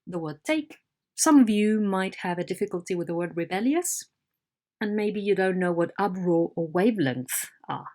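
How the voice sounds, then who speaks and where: A woman's voice: lowish voice, a little mellow. A woman English teacher in a recorded online lesson, explaining words patiently and checking in with her students.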